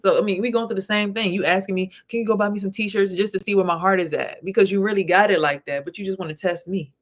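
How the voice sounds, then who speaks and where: Talking fast at a medium pitch, a woman vlogger who also does spiritual readings tells stories to camera in a blunt, casual monologue peppered with profanity.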